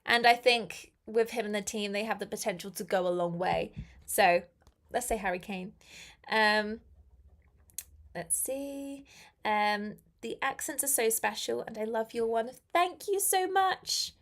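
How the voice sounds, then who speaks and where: A woman's voice: a little high, unhurried, fairly bright tone. A young British woman from England, chatting casually as she teaches a live English class and reads viewer comments aloud.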